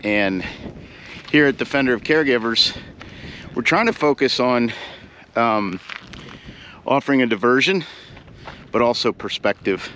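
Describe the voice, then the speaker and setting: A man's voice: medium pitch, a little slow, pauses often, a bit bright, slight background noise. A man talking casually to camera outdoors on a mountaintop, out of breath, reflective and rambling with fillers and restarts. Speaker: vlogger, caregiver advocate.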